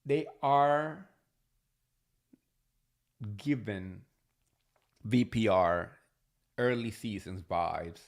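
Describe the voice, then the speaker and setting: A man hosting a casual reality TV gossip recap, chatty and gushing, talking straight to his viewers. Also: on the low side. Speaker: podcast host.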